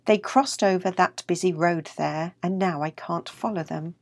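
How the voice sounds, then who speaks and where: A woman voicing a gentle, timid young male house cat in a read-aloud storybook. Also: on the low side, normal speed, creaky, no room sound, studio quality.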